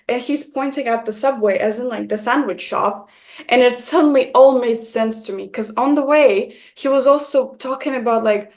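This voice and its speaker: Young Estonian woman, non-native speaker, bright storyteller with a slightly high voice, lots of "like". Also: normal speed. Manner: animated, acts out quotes, many fillers. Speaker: guest content creator. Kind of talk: casual storytelling chat.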